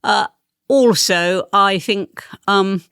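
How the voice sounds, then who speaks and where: A woman's voice: mid-range voice, very slow, fairly bright tone, smooth, no echo, studio quality. An older woman with a received pronunciation accent and rolled R's, speaking as an interview guest in a precise, emphatic way. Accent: English received pronunciation with rolled R's. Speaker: interview guest, former politician. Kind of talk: conversational interview.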